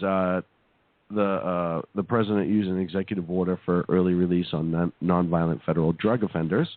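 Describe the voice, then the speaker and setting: As co-host of a talk radio program, this man keeps things casual, laughing and cracking jokes while stumbling into restarts. His voice sits low, captured in a dry, tinny, phone-like recording.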